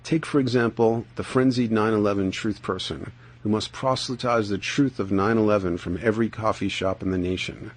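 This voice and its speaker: A man hosting a podcast, reading his own first-person dream journal and commentary in a deliberate, measured way, sometimes drawing phrases out slowly. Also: on the low side, fairly even intonation.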